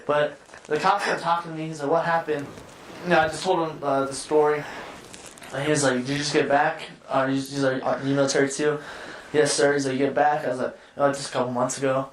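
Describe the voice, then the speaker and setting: A man's voice: a little high, flat delivery, quick pace, echoey room, distant mic, a little hiss or hum, rough recording. A man hosting a podcast, telling a story in a rambling, swearing way. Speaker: podcast host. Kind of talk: casual storytelling chat.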